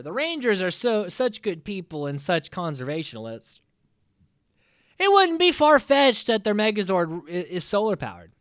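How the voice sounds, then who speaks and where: Male podcast host, rambling, sarcastic, animated pitch, dry close mic. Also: no room sound. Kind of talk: casual episode recap.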